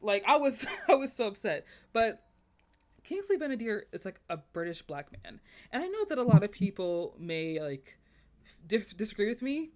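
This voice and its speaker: A woman guest on a podcast, talking as a film critic with fired-up conviction. Her voice sits at an ordinary middle pitch for a woman. She presses her points hard and shifts from calm to heated as she speaks her mind. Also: moderate pace. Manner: passionate and emphatic, ranting opinions. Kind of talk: casual podcast chat.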